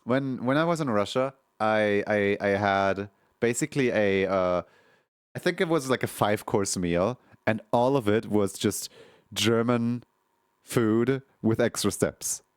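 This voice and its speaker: A man's voice: fairly low pitch, measured pace, clear, resonant tone, no room sound, clean studio sound. A man streaming, telling a long rambling story in casual chat, full of fillers, restarts and laughs at his own jokes.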